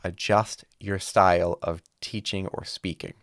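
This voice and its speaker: In this online teaching tutorial, a music teacher explains setting up a virtual classroom while demonstrating, speaking in a lowish, animated voice at normal speed. The studio-quality recording, made on a studio mic in his green-walled home studio, has no room sound.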